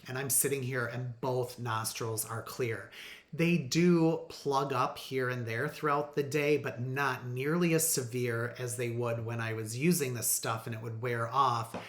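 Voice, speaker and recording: A man casually telling his own story to the camera, earnest and animated, with some fillers. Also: mid-range voice, measured pace. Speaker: vlogger. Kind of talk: casual personal vlog. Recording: roomy echo.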